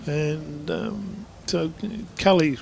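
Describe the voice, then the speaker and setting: Lively, gravelly male cricket commentator. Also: fairly high pitch, extremely slow, a crowd in the background. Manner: chatty, rambling, given to anecdotes and chuckles. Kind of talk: live ball-by-ball commentary.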